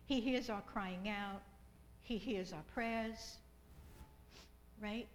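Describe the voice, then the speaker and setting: A middle-aged woman preaching a sermon with fervent repetition, at times dropping to a soft whisper in prayer. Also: medium pitch, extremely slow, a little hiss or hum, poor audio.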